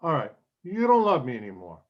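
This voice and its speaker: A man's voice: a little high, wildly swooping pitch, dull audio. A man playing a desperate young husband begging his wife to stay, in an acting class scene over a video call. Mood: pleading. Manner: pleading, halting repetitions.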